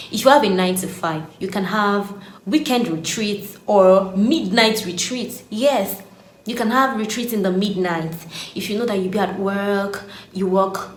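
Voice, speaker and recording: A woman in her late twenties, an animated faith vlogger who laughs often as she shares her story. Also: medium pitch. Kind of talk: casual devotional vlog. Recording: echoey room, faint background hum.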